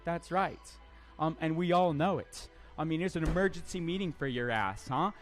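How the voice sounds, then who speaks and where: A man's voice: fairly high pitch, moderate pace, soft background music. A young man streaming live, reading chat aloud and answering in a brash, profane way with lots of stammered restarts.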